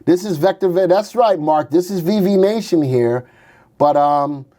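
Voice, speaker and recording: A man's voice: fairly high pitch, measured pace, mellow. A man hosting a casual livestream on stocks, joking around and thinking aloud as he pulls up charts. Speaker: stock market show host. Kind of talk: casual livestream market commentary.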